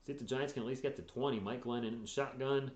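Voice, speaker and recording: A man's voice: medium pitch, fairly even intonation, fast talker, a little mellow, roomy sound, muffled recording. A man hosting a casual live sports stream, chatting about the games and answering viewers in the chat, sounding tired. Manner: chatty, reacts to games and reads chat aloud. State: tired, yawning.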